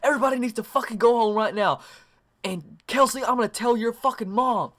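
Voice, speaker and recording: A man mimicking an enraged middle-aged mother who yells profanities at a group of teenagers. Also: extremely high pitch, fairly quick, voice pushed up. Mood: furious. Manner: shrieking, profane. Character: furious middle-aged mother yelling at teens.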